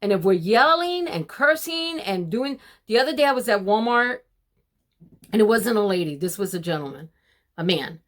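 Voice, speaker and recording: An older woman, a grandmother, talking casually to her viewers about homemaking and faith, addressing them as ladies in a warm, preachy way. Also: medium pitch, animated, normal speed. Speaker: homemaking vlogger. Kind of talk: casual devotional talk to viewers.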